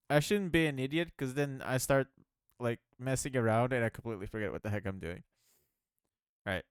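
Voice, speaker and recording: Clean studio sound with no echo captures a smooth, medium-pitched man chatting about his game as he works on it. The game developer's devlog talk is casual and rambling, and he laughs often while poking fun at himself.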